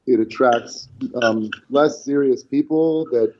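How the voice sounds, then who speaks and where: A man's voice: mid-range voice, takes it slowly, a little hiss or hum. A man in his forties, a podcast guest telling stories in casual chat, acting out quotes with many restarts. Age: 40s. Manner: animated storyteller, acts out quotes, many restarts. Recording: dull lo-fi sound.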